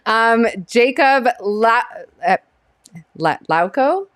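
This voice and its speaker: A woman's voice: on the high side, expressive, very slow, no echo, studio quality. A woman co-hosting a live hockey stream, reading lineups in casual chat, giggly and stumbling over names.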